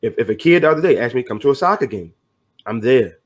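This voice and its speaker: A man's voice: mid-range voice, lively intonation, fast. A middle-aged man talking earnestly as a podcast guest, motivational and loose with slang. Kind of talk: casual podcast conversation.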